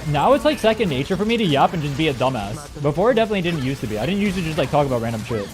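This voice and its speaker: A man's voice: fairly high pitch, big pitch swings, very fast, over loud music. A young man streaming a game, chatting in a rambling, casual way with plenty of swearing, his throat a little strained. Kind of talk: casual gaming stream chat.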